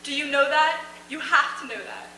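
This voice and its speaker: A woman voicing a gentle, grieving middle-aged father who pleads with his child, his voice breaking. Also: sits high, moderate pace, reverberant, far from the mic, a little hiss or hum, low-quality recording. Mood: pleading.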